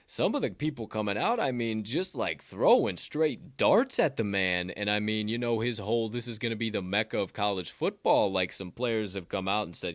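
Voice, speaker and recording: A man's voice: on the low side, sing-song, brisk, no echo. A man co-hosting a casual sports podcast, swearing and laughing often as he talks. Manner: profane, laughing, slips into a put-on drawl. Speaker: podcast co-host.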